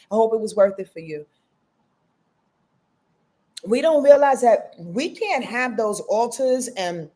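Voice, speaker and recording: A woman with a slightly raised pitch hosts a live-stream astrology reading. She talks in a loose, chatty way, affectionate and blunt, with casual cursing mixed into her spiritual advice. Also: a little mellow. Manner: frank, affectionate, profane, chatty.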